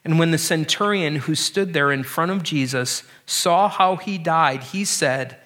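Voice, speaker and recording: A man preaching a sermon, earnest and emphatic, often repeating words and dropping low and slow on key lines. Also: a bit bright. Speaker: pastor.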